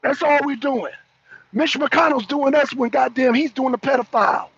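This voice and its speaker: A man on a political talk show ranting loudly, swearing and repeating himself, sometimes breaking into laughter. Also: very high voice, normal speed, creaky, breathy edge, no echo. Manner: loud, profane, repetitive ranting. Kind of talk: heated political rant. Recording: dull lo-fi stream audio.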